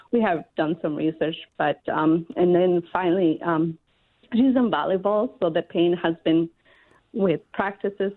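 A woman calling a radio show about her daughter, speaking hesitantly with many pauses. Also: fairly low pitch, dry recording. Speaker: caller. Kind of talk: radio call-in question. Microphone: phone line. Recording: tinny phone line.

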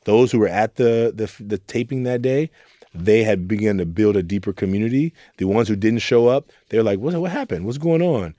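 A man's voice: on the low side, moderate pace, dark tone, no echo. A young man from Oakland, a youth mentor, speaking candidly and reflectively in an interview. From Oakland, California. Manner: earnest, reflective storytelling with quoted asides.

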